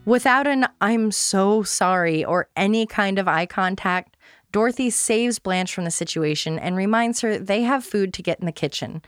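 Podcast host, woman, mid-pitch; reads a scripted recap with wry humor, dry close sound. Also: dry recording. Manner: playful, self-deprecating humor. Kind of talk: scripted recap read aloud.

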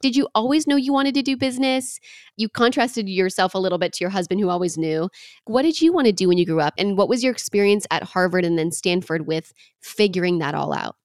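A woman's voice: medium pitch, animated, fairly quick, no echo, clean studio sound. A woman hosting a podcast interview, asking questions in a chatty, encouraging way. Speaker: podcast host.

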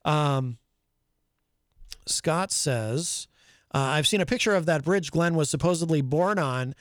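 A man's voice: a little high, unhurried, no echo, clean studio sound. A man hosting a live talk show in casual chat, reading viewer comments aloud and rambling with many fillers and restarts. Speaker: host.

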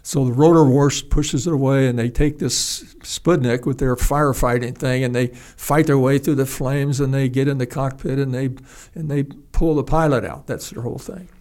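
An older man, a retired pilot, telling a story in a halting, rambling way with restarts and salty language. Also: mid-range voice, fairly even intonation, a little mellow. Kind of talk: casual spoken storytelling.

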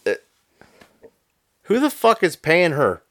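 A man's voice: on the high side, huge pitch swings, takes it slowly, fairly bright tone, dry recording. Profane ranting man, dry close mic. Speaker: podcast co-host. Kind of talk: casual chat.

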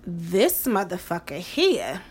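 Slow, gravelly woman ranting. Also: lowish voice, big pitch swings. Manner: profane, emphatic, repeats phrases for effect. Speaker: podcast host. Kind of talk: casual monologue.

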